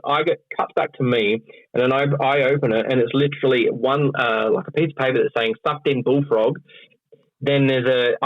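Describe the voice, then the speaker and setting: A man with an Australian accent, a pro wrestler, telling stories in a loose, animated way and swearing freely. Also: mid-range voice, dry recording. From Western Australia. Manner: animated, acts out quoted voices, swears freely. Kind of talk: casual storytelling. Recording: dull lo-fi sound.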